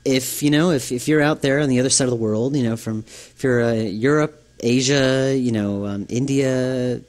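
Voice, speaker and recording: A game developer from New York giving a rambling commentary, full of fillers and restarts. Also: male voice, mid-range voice, normal speed, darkish tone.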